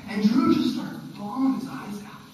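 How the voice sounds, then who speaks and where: A young man giving an animated storytelling sermon to students at a school event, often checking in with "okay?". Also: high voice, moderate pace, slight background noise. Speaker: youth speaker. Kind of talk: youth sermon. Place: school hall, live audience. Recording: echoey hall from far off.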